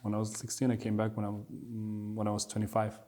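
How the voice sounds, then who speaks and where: A man's voice: fairly low pitch, fast. A man with a Kazakh accent, hosting a podcast and telling stories in casual chat. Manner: animated, laughs while telling stories. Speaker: podcast host.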